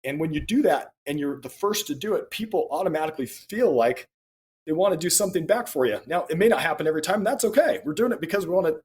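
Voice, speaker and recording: Higher-pitched man telling a story as a guest. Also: animated, fast, a little mellow. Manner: anecdotal, acts out quoted dialogue, laughs between points. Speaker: podcast guest, speaker and author. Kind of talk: conversational storytelling in an interview.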